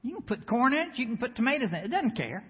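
A woman preacher delivering a lively sermon, bantering with the congregation and firing off rhetorical questions. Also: a little high, racing, breathy edge. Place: church sanctuary before a congregation. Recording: echoey hall, slightly dull sound.

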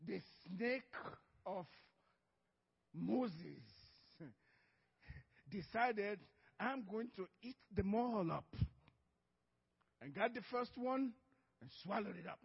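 A man's voice: high voice, lively intonation, extremely slow, vocal fry, pauses often, slightly rough, big-room sound, lo-fi sound. A man preaching a sermon as pastor, telling a story with frequent laughter and acted-out dialogue.

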